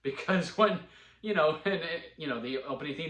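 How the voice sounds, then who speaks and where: A man at home casually recapping a TV episode, rambling with quick restarts and bursts of laughter. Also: a little high, pushed and bright, reverberant. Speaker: TV episode reviewer. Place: at home with a dog.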